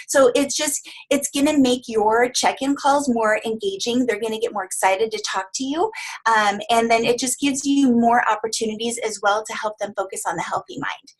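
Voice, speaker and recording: Upbeat woman coaching trainer, high voice. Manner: upbeat, encouraging, acts out client voices.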